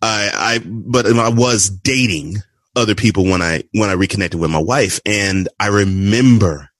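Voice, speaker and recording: A man's voice: on the low side, a little slow, no room sound. A man hosting a casual faith-based interview, asking questions and reacting with frequent exclamations. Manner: expressive, exclaims often. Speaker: podcast host.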